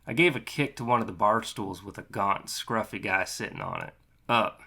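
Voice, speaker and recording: A man's voice: fairly low pitch, fairly quick, vocal fry. Man narrating an audiobook. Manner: steady, matter-of-fact, casually profane. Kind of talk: first-person audiobook narration.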